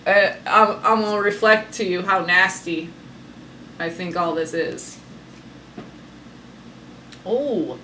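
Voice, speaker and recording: A woman's voice: medium pitch, expressive, takes it slowly, pauses often, bright, forceful tone, a little hiss or hum, low-quality recording. A woman giving a casual, sassy tarot reading, talking emphatically and laughing often. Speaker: tarot reader.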